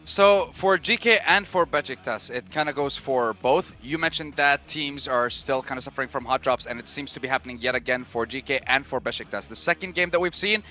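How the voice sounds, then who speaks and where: Bright-voiced man esports analyst. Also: mid-range voice. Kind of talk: analyst desk chat.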